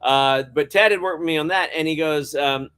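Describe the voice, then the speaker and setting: A man's voice: on the high side, normal speed, a bit bright, clear, resonant tone. A middle-aged man, a guest cinematographer, telling stories in a casual interview, rambling with many hesitant fillers and frequent chuckles.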